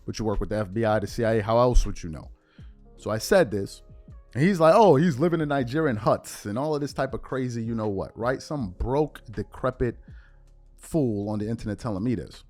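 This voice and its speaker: Bronx guy ranting on his show, keeps hammering points, gets loud and indignant, music faint behind. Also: lowish voice, a little fast. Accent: New York (Bronx). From United States. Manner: emphatic, repetitive, rising to indignant outbursts. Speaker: show host. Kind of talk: heated commentary monologue.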